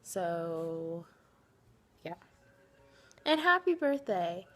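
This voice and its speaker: A woman vlogging casually to the camera, talking straight to her friends in an animated, dramatic way, pleading one moment and teasing the next. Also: lowish voice, very slow. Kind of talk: casual direct-to-camera vlog addressed to friends.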